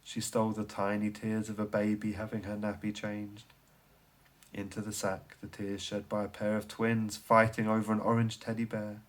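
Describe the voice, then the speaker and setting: Lively man reading a children's story. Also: fairly low pitch, moderate pace. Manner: animated, swings from hushed to loud and excited.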